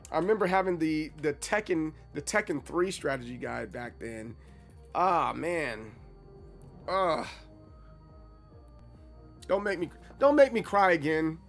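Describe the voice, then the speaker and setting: Man, 30s, casual livestream chat, playfully dramatic, lively pitch, faint music behind. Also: a little slow, pauses often. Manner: chatty, animated, playfully dramatic. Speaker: streamer.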